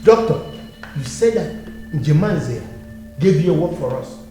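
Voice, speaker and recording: A man's voice: fairly high pitch, expressive, unhurried, heavy reverb, soft background music. A man playing a domineering Nigerian elder. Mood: threatening. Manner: domineering, shouting orders. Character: domineering elder brother, family head. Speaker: oldest family member. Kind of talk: Nollywood film acting.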